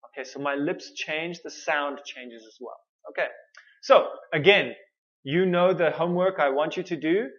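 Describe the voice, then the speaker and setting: A woman's voice: deep voice, measured pace, lo-fi sound. A woman teaching English pronunciation in an online lesson, drilling words syllable by syllable with careful repetition.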